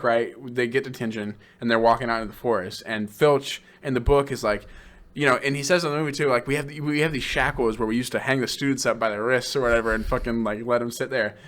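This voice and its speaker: Young guy podcast cohost, bright tense voice, swears a lot, gets hyped retelling scenes. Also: mid-range voice. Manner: excitable, profane, laughs while retelling scenes. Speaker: podcast co-host. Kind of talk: casual film review chat.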